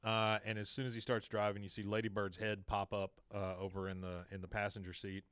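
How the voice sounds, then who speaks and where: A man's voice: lowish voice, brisk, clean tone, no room sound. A man hosting a podcast, casually recapping a cartoon episode and acting out the characters' lines. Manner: animated retelling, quoting lines in varied voices. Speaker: podcast host.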